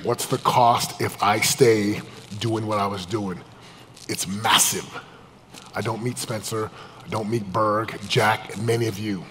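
A man giving a live motivational talk as a business coach, intense and emphatic, swinging between loud pushes and hushed, low confessions. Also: fairly even intonation, measured pace, slight background noise. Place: event room with a live audience. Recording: long reverb of a large hall.

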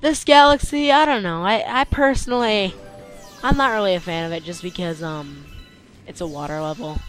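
A young man giving gameplay commentary, tired and yawning, complaining one moment and yelping with excitement the next. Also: high-pitched, moderate pace, clear, resonant tone. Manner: excitable, complaining, with sudden yelps. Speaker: let's play host. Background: faint game music.

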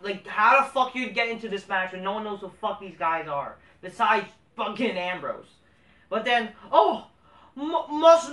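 A man hosting a casual review vlog. He rants with heavy profanity, moving between low mutters and heated outbursts. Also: sharp tone, distant mic. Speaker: host of a wrestling review channel. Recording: roomy sound, away from the mic.

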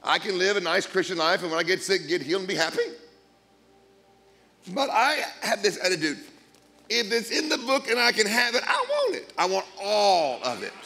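Gravelly, blunt preacher man. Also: sits high, brisk, pauses often, faint music behind. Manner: blunt, emphatic, swings between quiet asides and loud declarations. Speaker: guest preacher. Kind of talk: sermon.

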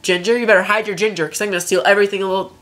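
A woman's voice: medium pitch, fairly even intonation, rapid-fire, a bit bright. A young woman commentating her own fighting-game play, trash-talking opponents and crying out in frantic repeated protests. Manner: playful trash talk, frantic repeated cries. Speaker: let's play gamer. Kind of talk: excited gameplay commentary.

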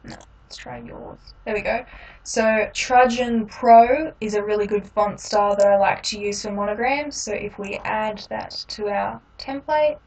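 A woman hosting a step-by-step software tutorial, explaining each click in a relaxed way with frequent ums. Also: mid-range voice, a little slow, recorded from a distance, low-quality recording. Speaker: tutorial host.

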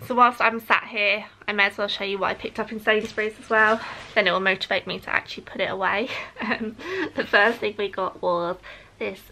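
A woman's voice: mid-range voice, steady tone, brisk, sharp tone. A young woman chatting casually to camera at home, rambling along with plenty of ums. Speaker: mum vlogger. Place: family home, indoors. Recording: dull lo-fi audio with background noise.

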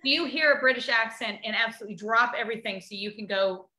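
A woman's voice: a little high, quick pace, bright, forceful tone, reverberant. A woman co-hosting a podcast, chatting casually and telling stories with many restarts. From United States. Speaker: podcast co-host. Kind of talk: casual chat.

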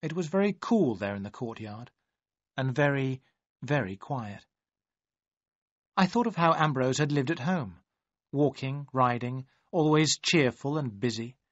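A man reading a story aloud in measured, even storytelling narration. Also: mid-range voice, no room sound. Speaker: audiobook narrator. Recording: dry, slightly dull audio.

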